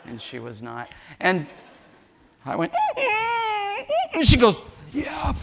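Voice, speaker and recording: A man in his sixties telling a funny story in a sermon, animated and jokey, acting out voices. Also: mid-range voice, slow pace, creaky, very noisy. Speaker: pastor.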